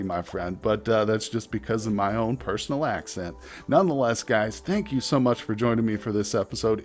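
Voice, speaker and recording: Guy narrating his colony sim run, chatty, reacts a lot, soft game music behind. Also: medium pitch. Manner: chatty, thinking aloud with quick reactions. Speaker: let's play host. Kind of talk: gameplay commentary.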